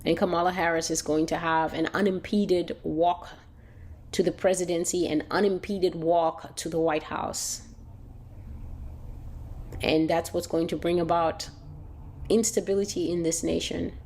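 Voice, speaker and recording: Woman, lowish voice, delivering a declamatory prophetic warning, heavy on repetition. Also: steady tone, darkish tone, slight background noise. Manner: declamatory, repeating phrases with long drawn-out pauses. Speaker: self-styled prophet. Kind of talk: prophetic sermon.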